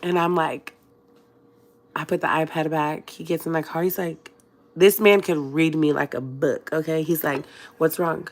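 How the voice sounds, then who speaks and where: A young woman from California, a bit sick with a cold, telling a dramatic personal story to her livestream viewers in a chatty, expressive way. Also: low voice, normal speed. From Fresno, California. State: has a cold. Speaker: vlogger.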